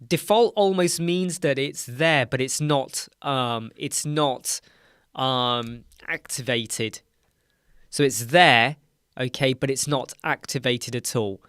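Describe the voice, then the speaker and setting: A weary, yawning British man runs a live Q&A stream from a dark home studio fitted with soundproof panels, explaining casually and often rambling into self-corrections. His mid-range voice is clear, resonant, and fairly bright, and he speaks slowly. The sound is studio quality without echo.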